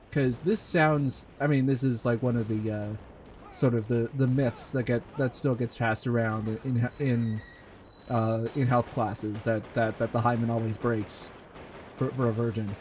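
A man with an English accent hosts a comedic reading of fan fiction, often laughing and stumbling through halting asides. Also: medium pitch, darkish tone, a little hiss or hum. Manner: breaks into laughter, halting asides full of fillers. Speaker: host reading a fanfic aloud. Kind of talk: comedic dramatic reading with commentary.

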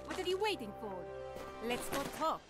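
A stern resistance leader, heavy Italian accent. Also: female voice, high-pitched, big pitch swings, normal speed, long reverb tail, loud music behind the voice. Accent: heavy put-on Italian. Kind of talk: video game voice acting.

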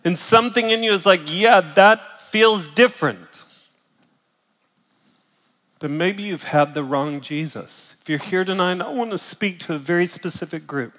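Hurting middle-aged pastor man preaching, kinda high voice, coughs a lot, big echoey hall. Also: animated, fairly quick, few pauses. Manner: emphatic, rising to loud bursts, coughing and clearing throat between phrases. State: in pain, voice strained. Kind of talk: sermon. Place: large church auditorium. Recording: large hall reverb.

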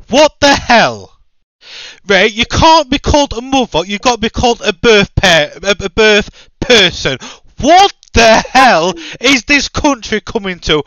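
A man's voice: very high-pitched, big pitch swings, measured pace, bright, forceful tone, dry recording, muffled recording. A man hosting a podcast, ranting in exasperated, repeated questions. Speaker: podcast host. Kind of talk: casual opinion chat.

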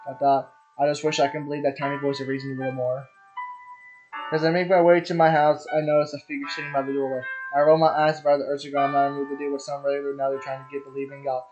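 A man reading a visual novel aloud as its narrator, in a quick, unpolished way with restarts. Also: mid-range voice, level tone. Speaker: game player reading aloud. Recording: dull lo-fi audio with soft music.

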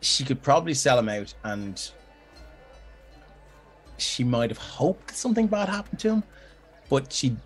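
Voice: medium pitch, sing-song, a little slow, long pauses, slightly rough, soft background music. A game master narrating a tabletop game, rambling and restarting sentences as they explain dice results.

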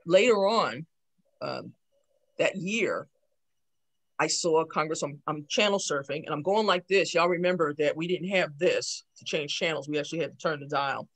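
A woman in her sixties from New York City, giving a lively talk about her life and acting out remembered conversations. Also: deep voice. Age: 60s. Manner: lively storyteller who acts out remembered dialogue. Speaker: invited speaker, town council member. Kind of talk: personal storytelling talk.

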